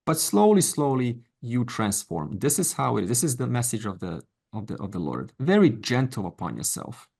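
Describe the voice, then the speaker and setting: A middle-aged man's medium-pitched, creaky, darkish voice moves at a moderate pace with big pitch swings and hardly any pauses. He's giving an informal Vedanta lecture to an online class, conversational and encouraging, with asides and quoted voices.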